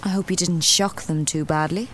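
A woman's voice: on the low side, fairly even intonation, moderate pace, a bit bright, slight background noise, lightly acted. A woman playing a cool, mocking suspect. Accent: English. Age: 30s.

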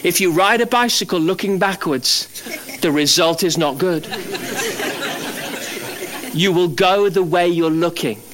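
A man preaching a sermon as pastor, animated, swinging from loud emphatic lines to low quiet ones. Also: a little slow, pauses often, crowd noise.

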